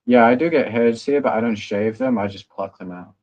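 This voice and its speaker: A man's voice: medium pitch, brisk, a little mellow, dull audio. A young man with a rambling, self-mocking manner, hosting a casual livestream chat. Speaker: livestream host.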